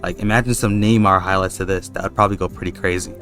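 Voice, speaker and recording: A man's voice: deep voice, fairly even intonation, fast, over loud music. A young man rambling casually in a vlog, slangy and swearing, calling his viewers bro. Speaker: video essayist.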